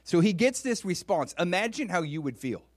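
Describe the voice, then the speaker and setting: Animated preacher man, dry close sound. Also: sits high, moderate pace, no room sound. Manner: animated, acts out biblical speech with rising emotion; asks the audience questions and waits for answers. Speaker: pastor. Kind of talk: sermon.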